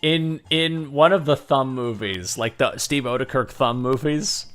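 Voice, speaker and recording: A man chatting casually while playing a video game, animated, swearing casually and laughing often. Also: mid-range voice, a little slow. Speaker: gaming video co-host. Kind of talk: casual chat.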